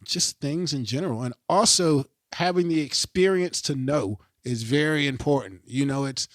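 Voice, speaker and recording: A middle-aged man talking casually as a podcast guest, emphatic and animated, swearing freely and often checking in with his listener. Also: on the high side, normal speed, dry recording, studio quality. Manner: animated, emphatic, swears freely, keeps asking "you know what I mean". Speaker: podcast guest, pro skateboarder. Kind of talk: casual interview chat.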